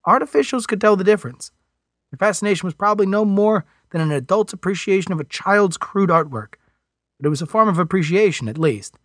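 A man reading a science fiction audiobook in scripted narration with expressive, varied delivery. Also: on the high side, slightly rough, dry recording, clean studio sound.

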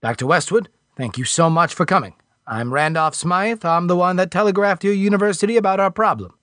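A man's voice: high-pitched, brisk, a bit bright, dry recording, voice pushed up. An older, earnest man weighed down by worry, as a male narrator puts him on. He speaks heavily and sincerely. The sound is dry and close. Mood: welcoming. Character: older anxious male official, worried.

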